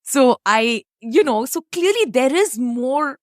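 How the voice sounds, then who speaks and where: A woman host from India with an Indian English accent, an economics professor who asks thoughtful, measured questions. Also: high-pitched, expressive, no echo, clean studio sound. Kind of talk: interview conversation.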